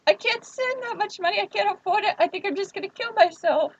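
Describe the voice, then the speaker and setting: A woman voicing a distraught, broke young woman who pleads in a high, strained voice. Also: brisk, no room sound. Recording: dull lo-fi stream audio.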